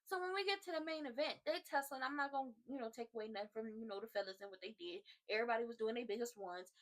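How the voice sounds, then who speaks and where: A woman's voice: fairly high pitch, fast talker. A woman vlogger ranting through a wrestling recap in a chatty, slangy, sassy way.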